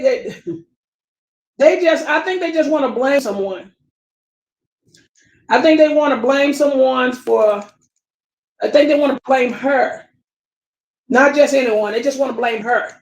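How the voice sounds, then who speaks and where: A woman's voice: high-pitched, gravelly, reverberant, rough recording. A woman who hosts a casual livestream, chatting with viewers and reading out their comments, repeating herself and starting over a lot. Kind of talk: casual live chat commentary.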